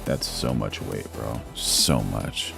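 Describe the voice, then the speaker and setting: A man with a very low, gravelly voice hosts a casual live stream. He chats loosely with viewers, reads their comments aloud and tosses "bro" into nearly every sentence. Faint music plays underneath. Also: slow, bright, forceful tone. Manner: laid-back, calls everyone "bro", reads chat aloud.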